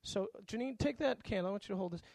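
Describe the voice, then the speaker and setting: A man preaching a sermon as pastor, animated and acting out little exchanges of dialogue with changing voices. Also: high-pitched, quick pace, gravelly, no echo.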